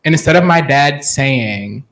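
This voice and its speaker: A man's voice: medium pitch, animated, unhurried, a bit bright. Chatty man in his thirties telling stories. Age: 30s. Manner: chatty, laughs often, mimics family voices. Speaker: guest artist. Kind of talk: casual storytelling on a panel.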